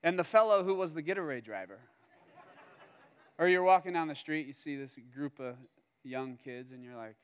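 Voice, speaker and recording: A man's voice: sits high, moderate pace, clean tone. A man preaching a sermon, telling the story with humor and acting out the characters' lines. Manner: animated, humorous storytelling with acted-out quotes. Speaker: pastor. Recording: long hall reverb.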